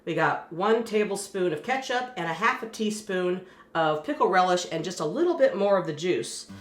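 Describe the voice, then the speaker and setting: A woman's voice: on the low side, expressive, normal speed, roomy sound. A woman hosting a home cooking show, talking through a recipe in a folksy, chatty way and laughing often. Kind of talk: casual cooking demonstration.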